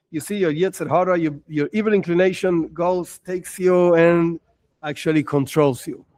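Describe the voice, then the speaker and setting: A man's voice: high voice, a little mellow, dry recording. A man, a rabbi, giving an earnest religious lesson, explaining ideas simply and acting out short scenes with bursts of raised voice. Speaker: rabbi teaching a class.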